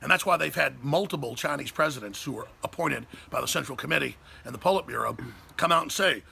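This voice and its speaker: A man with a Texan accent hosts a talk show, ranting in a fiery, emphatic monologue. His voice is gravelly and husky. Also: medium pitch, fast, sharp tone. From Texas. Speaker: host.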